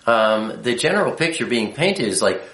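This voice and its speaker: A man teaching and explaining letters patiently, with a halting delivery full of fillers. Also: medium pitch, big pitch swings, fairly bright tone, reverberant. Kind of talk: unscripted teaching talk.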